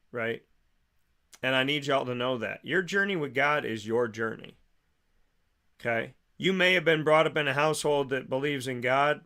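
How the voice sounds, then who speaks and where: A male radio host with a bright, forceful voice. He talks with energy and repeats himself, speaking straight to his listeners. His pitch sits in the middle range. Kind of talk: casual radio talk with sponsor reads and motivational segment.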